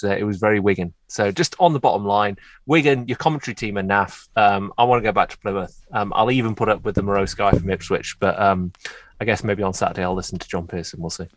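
A man's voice: lowish voice, no room sound. A man co-hosting a football podcast, wry and opinionated. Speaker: podcast co-host. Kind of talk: casual football podcast chat.

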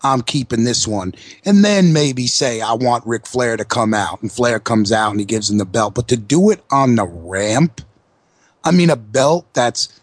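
A man co-hosting an internet radio show, griping in casual, profane wrestling talk, sometimes dropping to hushed asides. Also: medium pitch, lively intonation, measured pace, dry recording. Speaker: podcast co-host.

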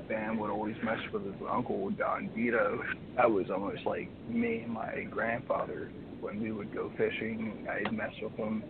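A hoarse man calling in to a show, talking in halting, rambling stretches full of restarts. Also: on the low side. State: hoarse, frog in his throat. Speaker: caller. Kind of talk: phone-in chat. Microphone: phone. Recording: noisy phone line.

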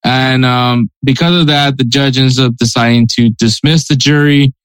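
A man's voice: medium pitch, steady tone, normal speed, smooth, dry recording, low-quality recording. A man hosting a podcast, talking through news headlines in a conversational, hedging way. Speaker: podcast host.

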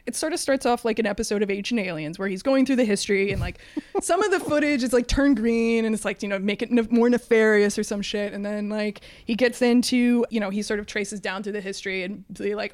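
A woman co-hosting a casual film podcast, talking in an animated, sardonic way and mimicking people she quotes. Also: mid-range voice, brisk, dry recording. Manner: animated, mocking quotes in a raised voice. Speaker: podcast co-host.

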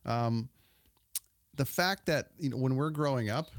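A man's voice: mid-range voice, unhurried, no room sound, studio quality. A man from Ontario, Canada, hosting a casual interview, rambling with many fillers and restarts. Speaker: podcast host.

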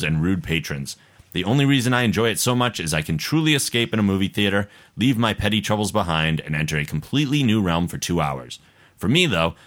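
A man's voice: fairly low pitch, a bit bright. A man hosting a casual podcast, reading a listener's email aloud, laughing often and stumbling over hard words. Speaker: podcast host.

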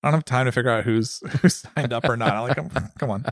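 A man's voice: mid-range voice, fairly even intonation, fast, no room sound, clean studio sound. A man co-hosting a casual podcast, joking, swearing and putting on mock accents, still recovering from a concussion. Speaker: podcast co-host. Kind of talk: casual chat.

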